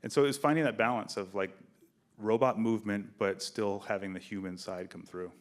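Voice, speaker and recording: A man with a fairly low voice tells behind-the-scenes stories at a film festival Q&A. He talks in a relaxed, animated way and jumps into quoted lines as he goes. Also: fairly quick. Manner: animated storyteller, acts out quoted dialogue. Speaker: film director. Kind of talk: festival Q&A interview. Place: theater stage, in front of an audience.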